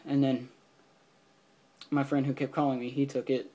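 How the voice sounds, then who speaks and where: A man's voice: mid-range voice, level tone, normal speed, mellow, highs cut off. A teenage boy telling a story in a casual vlog, rambling with lots of fillers and restarts. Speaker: vlogger.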